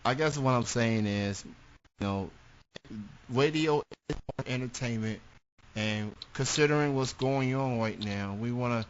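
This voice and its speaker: A man's voice: medium pitch, measured pace, lo-fi sound, slight background noise. A man from the southern United States co-hosting a radio show, chatting casually, often restarting and repeating words. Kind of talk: casual banter.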